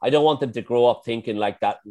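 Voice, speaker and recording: A man's voice: mid-range voice, fast talker, warm tone, dull audio. A middle-aged man, a chef, talking casually and self-effacingly in an interview, often restarting his sentences. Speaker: chef and guest.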